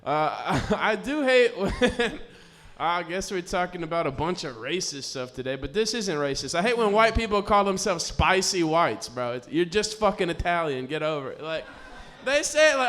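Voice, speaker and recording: A man's voice: high-pitched, big pitch swings, normal speed, bright, forceful tone. A man doing a crude, rambling live stand-up set on a comedy stage, laughing at his own jokes.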